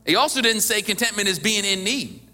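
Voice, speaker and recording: A middle-aged male pastor preaching in a bright, forceful voice that sits a little high for a man. He talks to the congregation in a chatty, conversational way, then leans hard into emphatic lines. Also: lively intonation, fairly quick. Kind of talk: sermon.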